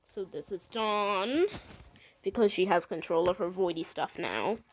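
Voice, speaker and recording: A woman's voice: medium pitch, a little slow, poor audio. A woman casually talks through her own animation scene by scene, rambling and stringing events together with "and then". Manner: rambling, chains "and then he's like". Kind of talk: casual commentary over a video.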